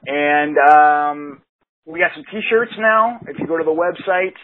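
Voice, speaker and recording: A man's voice: on the high side, unhurried. A man co-hosting a casual comedy podcast, rambling through a silly story with lots of fillers and laughs. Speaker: podcast co-host. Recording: tinny phone-like sound, faint hiss.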